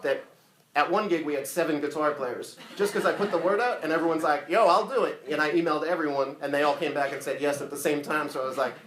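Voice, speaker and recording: A man giving a casual, profane, animated eulogy full of stories at a memorial. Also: on the high side, fast talker, slight background noise. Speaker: eulogy speaker. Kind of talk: funeral eulogy storytelling. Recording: echoey room.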